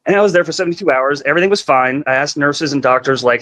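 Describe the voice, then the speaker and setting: A man tells a long story in casual conversation, circling back with fillers and acting out quoted lines. His voice sits at a middle pitch. The sound is dry, with no room echo. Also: fast talker, hardly any pauses, a bit bright. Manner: rambling, heavy on "like" fillers, acts out quoted dialogue.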